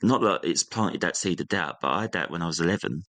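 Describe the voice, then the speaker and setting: A young man speaks in a low voice, casually recounting a personal story. He animates it by acting out what his relatives said. The recording is close and dry. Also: quick pace, dry recording. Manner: animated retelling, acting out family members' lines. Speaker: guest.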